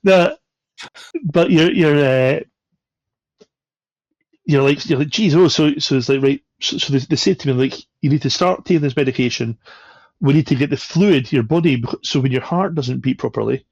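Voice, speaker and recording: A man with a gravelly, creaky voice tells a story in a relaxed, chatty way, slipping into the voices of the people in it. The recording is dry and a little dull. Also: medium pitch, normal speed, no room sound. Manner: animated, acts out quoted voices. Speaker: podcast guest. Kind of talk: casual storytelling.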